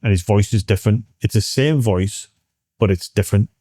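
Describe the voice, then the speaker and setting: A British man in his forties, a military veteran telling a story in an interview, halting and restarting as he acts out what others said. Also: lowish voice, mellow, dry recording, clean studio sound.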